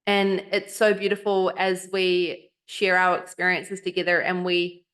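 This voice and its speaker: A woman's voice: on the low side, completely flat delivery, a little slow, a bit bright. A woman co-hosting a podcast in casual chat, reflective and earnest, sometimes acting out what others say. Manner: reflective, earnest, acts out quoted voices. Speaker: podcast co-host.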